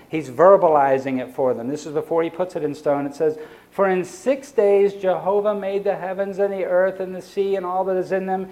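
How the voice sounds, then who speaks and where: A man preaching a sermon. He speeds up and slows down, and drops to a soft, quiet voice for quoted reflections. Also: on the high side. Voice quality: sighs for emphasis. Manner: varies pace and loudness, slows on key phrases, drops soft for quoted reflections.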